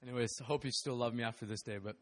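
A man's voice: medium pitch, steady tone, racing. A man preaching a sermon as pastor in a church, candid and self-deprecating, rambling with restarts and bursts of laughter. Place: church sanctuary. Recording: long hall reverb.

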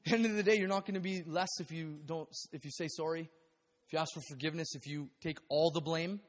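A high-pitched male pastor preaches in a church sanctuary, his voice trailing off into a long hall reverb. He talks candidly and pokes fun at himself, stumbling over restarts and breaking into laughter. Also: fairly even intonation, quick pace. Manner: candid, self-deprecating, rambling with restarts and laughs. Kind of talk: sermon.

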